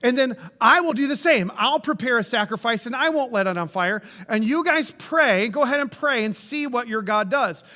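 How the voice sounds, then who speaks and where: A man's voice: very high voice, expressive, normal speed, few pauses, pushed and bright, big-room sound, exaggerated voice. Elijah, a man playing a brash goading prophet. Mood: challenging. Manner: brash, goading, casual modern phrasing. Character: bold ancient male prophet, challenging and taunting rivals.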